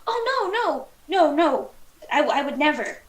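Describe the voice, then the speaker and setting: A woman voicing a tiny, friendly male gray alien who gets very excited and stammers eagerly. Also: high-pitched, unhurried, far from the mic, slight background noise, rough recording.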